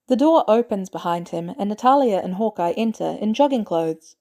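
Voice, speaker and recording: A woman reading a fan story aloud as a podfic narrator, in a measured, even storytelling manner. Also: medium pitch. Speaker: podfic reader.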